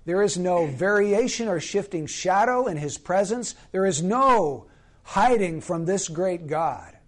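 With a high-pitched, animated voice, a man delivers an earnest, emphatic sermon. He slows down whenever he wants key phrases to land.

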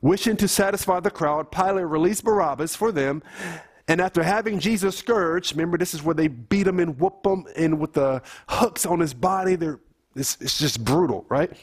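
A man's voice: fairly high pitch, moderate pace. A man reading scripture aloud at home and stopping to explain it in an informal, emphatic way, with frequent restarts. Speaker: Bible study leader. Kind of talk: informal family Bible reading and commentary.

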